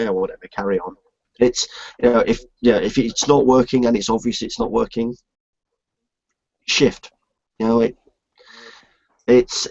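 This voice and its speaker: Man, husky and lowish, reassuring advice-giver, dull dry video-call sound. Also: no echo. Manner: reassuring advice with halting restarts. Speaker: game master on a video hangout. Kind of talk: casual group chat.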